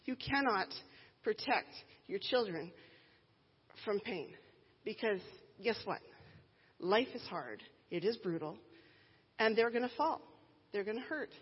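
A woman in her thirties, a pastor, preaching a sermon in an earnest, emphatic way with deliberate pauses. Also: medium pitch, expressive, breathy edge. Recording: dull sound with long hall reverb.

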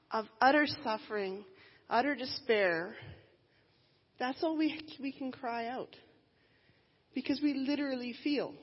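A woman in her thirties, a pastor, preaching a sermon in an earnest, emphatic way with deliberate pauses. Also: a little high, husky. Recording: dull sound with long hall reverb.

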